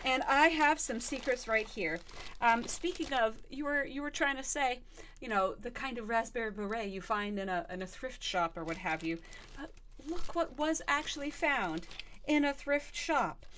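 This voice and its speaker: A woman's voice: a little high, expressive, normal speed, fairly bright tone, slight background noise. A woman chatting on a live stream in a bubbly way, thanking viewers as she talks. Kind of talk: casual live-stream chat.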